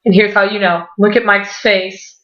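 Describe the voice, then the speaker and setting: A young woman chatting straight to her camera, excitable and peppering her story with "like" and the odd swear word. Her voice sits in the middle of the range. The sound is dull and lo-fi, with a roomy echo around it. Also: medium pitch, moderate pace. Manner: excitable, swearing, laughing often, lots of "like". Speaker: vlogger. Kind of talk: casual vlog storytelling. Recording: echoey room, dull lo-fi sound.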